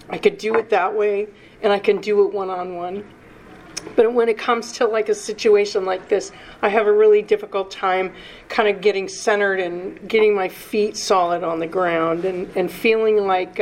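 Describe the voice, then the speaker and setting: A woman in her sixties sharing her recovery story at a meeting, nervous and emotional, halting and starting over, with the odd curse. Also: mid-range voice, slight background noise, rough recording. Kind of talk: personal recovery share.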